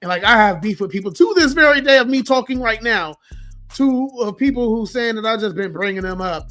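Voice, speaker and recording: Hoarse high-voiced man ranting. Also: expressive, brisk, a bit bright, faint music behind. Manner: blunt, profane, venting. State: hoarse, losing his voice. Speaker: livestream host. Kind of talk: casual livestream rant.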